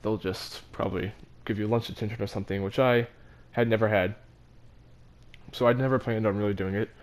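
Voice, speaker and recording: A man's voice: fairly low pitch, steady tone, a little fast. A teenage boy telling a story about his school in a casual, rambling, self-mocking way, with many fillers and restarts. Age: teens. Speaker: vlogger.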